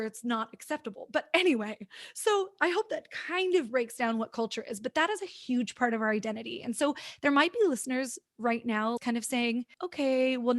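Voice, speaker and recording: Chatty woman explaining with a bright voice. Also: a little high, dry recording, studio quality. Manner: explains points and checks in with "right?", laughs easily. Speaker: podcast host and teacher. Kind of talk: casual explanatory chat.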